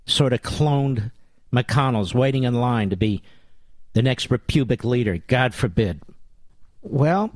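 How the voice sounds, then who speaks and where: A man's voice: medium pitch, a little mellow, no room sound. A man hosting a political talk radio show in a monologue, combative and sarcastic, with mocking nicknames.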